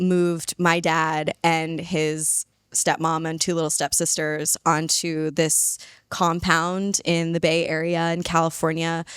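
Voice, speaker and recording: Brief: woman from Baltimore, podcast guest, chatty with upspeak and fry, smooth clear tone, dry close mic. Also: sits low, dry recording. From Baltimore, USA. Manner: chatty, quick, laughs often, upspeak and vocal fry. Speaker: guest sociolinguist. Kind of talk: casual interview chat. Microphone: podcast microphone.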